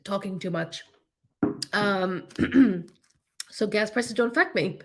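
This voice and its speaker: A woman's voice: medium pitch, takes it slowly. A woman hosting a casual reseller livestream, chatting and laughing often with frequent ums as she reads viewer comments. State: coughing, eyes watering. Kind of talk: casual live chat reading viewer comments.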